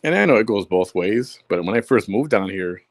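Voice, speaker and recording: A man's voice: fairly low pitch, animated, a little fast. A man from Chicago, hosting a solo audio show, talking bluntly and heatedly, repeating himself for emphasis. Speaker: podcast host.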